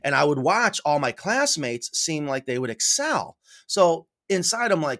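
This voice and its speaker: A middle-aged man from New York State, a podcast guest telling stories in a casual, animated way and acting out the voices he quotes. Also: a little high, a little slow, few pauses. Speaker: podcast guest, coop builder. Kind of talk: casual storytelling interview.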